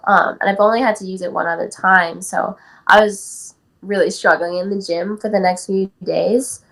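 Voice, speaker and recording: A woman's voice: medium pitch, steady tone, moderate pace, creaky, fairly bright tone, low-quality recording. Chatty young woman telling a story. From California. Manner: chatty, many "like" and "um" fillers. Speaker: guest athlete. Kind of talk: casual interview storytelling.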